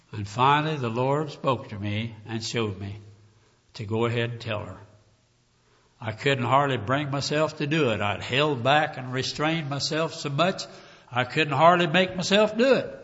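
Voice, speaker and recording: A man preaching a sermon with emotion, calling his listeners "dear ones" and swinging from hushed talk to loud cries. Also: medium pitch. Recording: dull lo-fi recording, long hall reverb.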